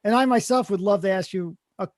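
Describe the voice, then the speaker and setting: A man's voice: sits high, brisk, no echo. Dry, easygoing male podcast host. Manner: easygoing, filler-heavy questions. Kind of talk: casual interview questions.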